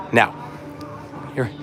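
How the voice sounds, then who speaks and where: Chatty man giving a walking tour. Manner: chatty, rambling, reads out viewer comments. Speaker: tour guide. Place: outdoors on a city waterfront street.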